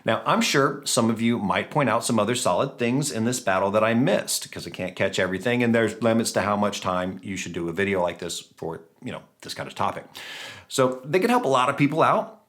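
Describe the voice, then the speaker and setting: A man hosting a gaming channel, giving chatty, self-mocking commentary on a battle with playful jumps in pitch. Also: lively intonation, a little fast, a bit bright. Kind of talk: casual game commentary.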